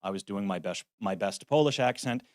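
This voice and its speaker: A man's voice: lowish voice, expressive, brisk, no echo, clean studio sound. A man, a voice actor, giving a practical conference talk with wry, self-deprecating asides. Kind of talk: conference presentation. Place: conference venue.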